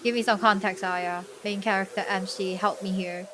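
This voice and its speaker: A woman streaming a story game, chatting casually in a worn-out, sick-sounding voice with a flat, deadpan delivery and soft laughs. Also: medium pitch, normal speed, hardly any pauses. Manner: chatty, trails off and restarts, laughs softly.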